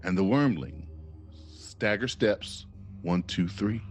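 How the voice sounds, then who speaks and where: A man's voice: lowish voice, slow, husky, soft background music. A man narrating a tabletop game as game master with dramatic, descriptive narration.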